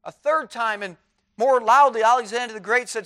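Male preacher, sermon, high voice, reads scripture aloud, fervent delivery. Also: a little fast, fairly bright tone. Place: chapel.

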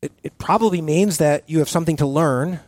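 A man preaching a sermon as pastor, earnest and halting, often restarting his sentences with fillers. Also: a little high, darkish tone, no echo.

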